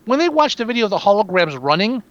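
A man chatting casually about a film, sarcastic, animated and quick to swear. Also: sits high, no echo, muffled recording. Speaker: podcast co-host reviewing a film. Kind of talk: casual profane movie chat.

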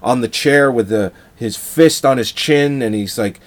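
A man talking casually about movies, relaxed and enthusiastic, swearing freely. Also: medium pitch, unhurried.

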